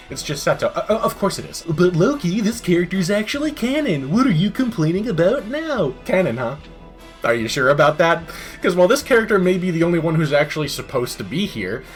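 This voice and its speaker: A man giving a comedic, sarcastic game review voice-over that breaks into exasperated rants, recorded close on a mic. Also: fairly high pitch.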